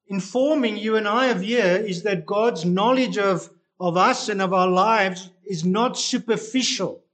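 A man delivering an expository sermon in a notably high voice. He speaks slowly and deliberately, and he stresses key words with emphasis. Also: fairly bright tone. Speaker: preacher.

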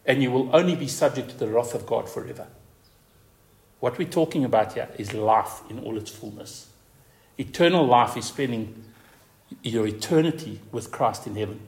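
A pastor delivers a sermon in a darkish tone. He stresses key words by repeating them and climbs to high, emphatic peaks.

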